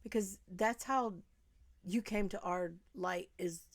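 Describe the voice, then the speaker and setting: Speaking slowly with vocal fry at a medium pitch, a woman vlogger delivers an angry, meandering commentary aimed directly at the person she's calling out. At times her voice sinks to a whisper.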